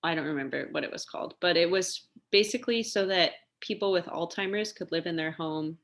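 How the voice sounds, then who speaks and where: A chatty young woman with a fairly low voice, talking as a guest in a relaxed interview. She tells her stories with lots of fillers and laughs often along the way. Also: fairly quick. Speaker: interview guest, singer and lawyer. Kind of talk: casual storytelling interview.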